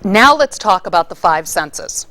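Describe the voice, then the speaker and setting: A woman giving a casual spoken lesson on public speaking, showing different ways to deliver lines with lively shifts in emphasis. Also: medium pitch, a little slow. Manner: lively, demonstrates vocal delivery with varied emphasis.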